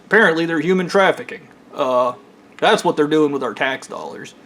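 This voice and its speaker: A man with a fairly high-pitched voice rambles through a personal story in a loose storytime monologue. He swears constantly and keeps restarting his sentences with "um" and "like". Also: normal speed, a bit bright. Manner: profane, rambling, full of fillers and restarts. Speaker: storyteller recounting his own experiences.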